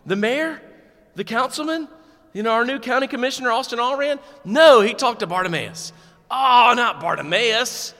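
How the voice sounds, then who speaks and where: A man's voice: very high-pitched, animated, moderate pace, bright, forceful tone, long reverb tail, voice pushed up, full character voice. A man voicing chattering townsfolk who gossip about local news in an incredulous tone. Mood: gossipy.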